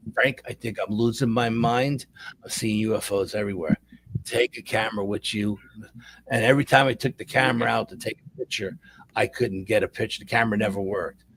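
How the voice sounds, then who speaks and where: A man's voice: fairly low pitch, fairly bright tone, dry recording. A middle-aged man, a paranormal investigator telling a long rambling story in a casual interview, repeating words as he goes.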